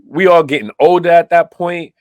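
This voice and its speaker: This Brooklyn, New York co-host tells stories on a casual podcast, animatedly playing out the dialogue in his anecdotes. His fairly high voice moves at normal speed, and the audio is dull but free of echo.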